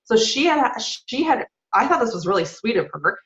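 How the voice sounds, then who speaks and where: A woman's voice: fairly high pitch, sing-song, moderate pace, a bit bright. A woman on a panel telling her side of a story in a casual, candid way. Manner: casual, candid, with many fillers. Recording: echoey, dull room recording.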